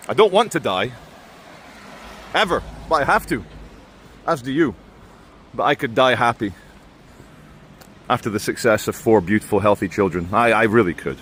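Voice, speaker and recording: With lively intonation and a fairly bright, mid-range voice, a Brazilian-born vlogger raised in Britain talks at a moderate pace, pausing often. He rambles chattily and opinionatedly through a town, self-correcting, while street noise fills the outdoor recording.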